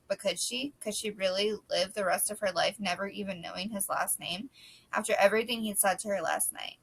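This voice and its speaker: A woman reading a novel aloud, steady and plain, with the odd slip. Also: medium pitch, poor audio. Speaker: audiobook reader. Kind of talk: audiobook narration.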